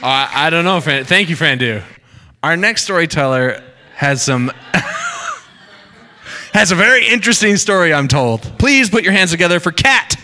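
A man's voice: a little high, animated, normal speed, pushed and bright, long reverb tail. A man hosting a live storytelling night and introducing the next teller. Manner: upbeat, introducing acts. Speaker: host.

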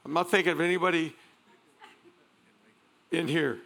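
Man, pastor preaching, high voice, bright tone, energetic, call-and-response with the crowd. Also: normal speed, gravelly, slight background noise. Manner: joking asides, repeats words. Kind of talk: sermon.

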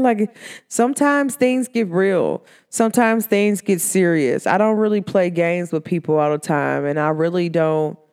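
A woman vlogger talking in a casual motivational monologue, slangy and chatty, with frequent laughs and upward pitch swoops when she gets excited. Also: smooth.

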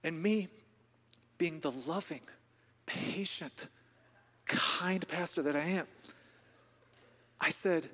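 A man's voice: fairly high pitch, slow, pauses often, breathy edge. Impassioned man preaching in an echoing hall. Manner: impassioned, swings from hushed to loud. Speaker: pastor. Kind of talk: sermon. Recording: long reverb of a large hall.

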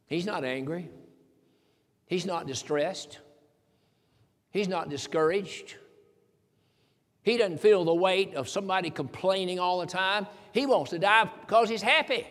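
A man's voice: high voice, unhurried, long pauses, a bit bright. A man preaching a sermon in a folksy, emphatic way, quoting scripture. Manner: folksy, emphatic preaching with King James quotes. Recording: long hall reverb.

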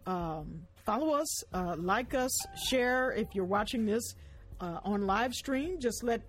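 A woman hosts a gospel radio program from the studio. Her voice is husky and a little breathy, and she talks in an easy, chatty way. She often repeats her points to drive them home. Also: fairly high pitch. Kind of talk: casual radio chat.

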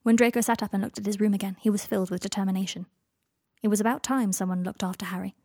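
A woman reading a fan fiction story aloud as narrator, in steady, even storytelling. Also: mid-range voice, no echo, clean studio sound. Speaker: audiobook narrator.

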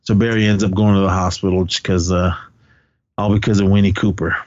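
Male podcast co-host, low-pitched, chuckling storyteller, dull dry sound. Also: little pitch movement, fairly quick, no echo. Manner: laughs often while retelling scenes, swears casually. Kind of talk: casual movie recap chat.

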